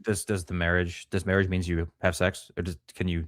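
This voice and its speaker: A man's voice: sits low, flat delivery, brisk, no room sound, clean studio sound. A man co-hosting a casual livestream, reading chat comments aloud and joking crudely. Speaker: podcast co-host.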